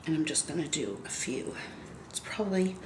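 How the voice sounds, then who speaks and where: Deep-voiced and very animated, a beauty vlogger in her fifties talks at normal speed while doing her hair for a casual get-ready-with-me tutorial. She sounds stuffy and congested, and the recording is reverberant with background noise.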